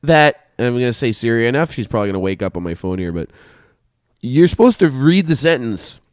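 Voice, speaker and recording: A man's voice: medium pitch, sing-song, fairly quick, a little mellow, clean tone, no room sound, clean studio sound. A Canadian man hosting a podcast, telling rambling, profane stories in casual chat, drifting into asides. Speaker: podcast host.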